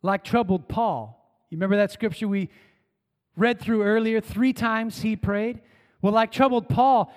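A male pastor preaching a sermon in a church, trading calls and responses with the congregation and swinging from emphatic lines to hushed ones. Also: sits high. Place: church sanctuary. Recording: long church-hall reverb.

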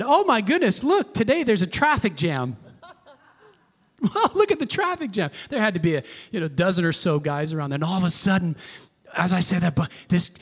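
Male pastor, high-pitched, emphatic preaching style, recorded in a church with long reverb. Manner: emphatic, with repetitions and sudden shifts between loud and soft. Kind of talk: sermon.

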